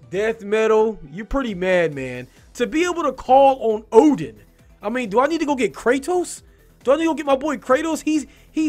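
A man hosting a video where he reads game reviews aloud and mocks them in a sarcastic, joking way. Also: high voice. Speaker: YouTube host. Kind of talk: reading and mocking game reviews.

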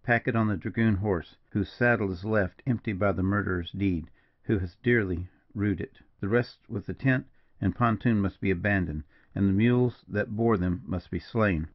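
A man voicing a grave frontier partisan major who speaks slowly and mournfully, in a dull, dry recording. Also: fairly low pitch, no room sound. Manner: slow, mournful, measured.

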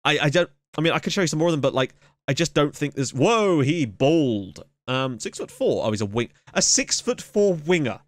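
A man hosting a let's play, giving excitable running commentary on a match with sudden yelps at big moments. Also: on the high side, fast talker, no room sound, studio quality. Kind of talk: casual gameplay commentary. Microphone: camera mic.

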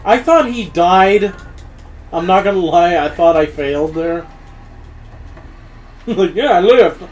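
A woman's voice: lowish voice, slow, darkish tone, a little hiss or hum, rough recording. A woman playing a video game for a let's play, laughing often and swearing at the game in casual commentary.

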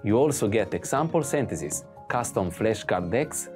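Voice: medium pitch, animated, normal speed. A voice reading an upbeat, scripted promotional outro for a language series. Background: faint music.

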